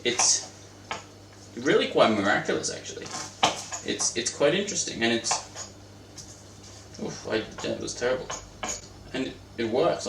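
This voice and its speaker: A man's voice: medium pitch, fairly bright tone. A young man rambling and joking as he cooks in his home kitchen, chatting to his pet bird as he goes. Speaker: cooking vlogger. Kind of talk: casual cooking vlog. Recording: roomy echo, distant mic, faint noise.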